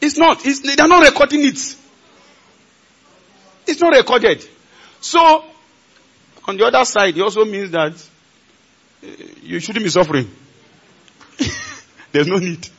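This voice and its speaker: Nigerian man, pastor, sermon, very high voice, bright tone, call-and-response shouting. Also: measured pace, long pauses, breathy edge, lo-fi sound. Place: large conference hall.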